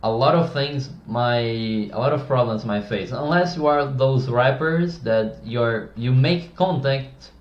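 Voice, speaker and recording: Outspoken male creator, mid pitch, casual advice to camera, echoey dull-sounding room. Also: a little slow, few pauses, slight background noise. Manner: blunt, opinionated, with many restarts.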